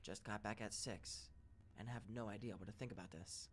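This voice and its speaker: A man narrating first-person scary stories in a steady, even read-aloud delivery. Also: lowish voice, normal speed, slight background noise. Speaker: story narrator.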